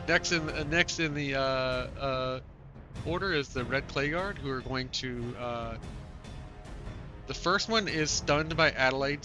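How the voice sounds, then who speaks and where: A man narrating a tabletop game as game master, with a halting delivery full of filler sounds. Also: mid-range voice. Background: music.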